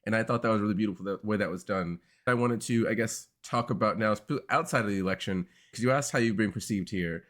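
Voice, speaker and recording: A man's voice: on the low side, fast talker, few pauses. A man with an American accent co-hosting a podcast, chatting casually and acting out other people's lines as he tells stories. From United States. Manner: animated storyteller, acts out other people's lines. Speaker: podcast co-host.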